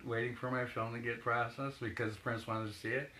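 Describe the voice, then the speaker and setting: A man's voice: mid-range voice, flat delivery, brisk, bright, forceful tone, a little hiss or hum, low-quality recording. A man being interviewed as a photographer, telling long rambling anecdotes with laughs and acted-out quotes. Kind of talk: casual storytelling in an interview.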